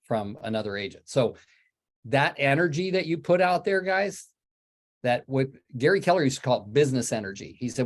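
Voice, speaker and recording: A man hosting a group coaching call in a loose, upbeat manner, wandering from point to point. His voice sits at a middling pitch for a man. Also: expressive, a little fast. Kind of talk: casual coaching talk.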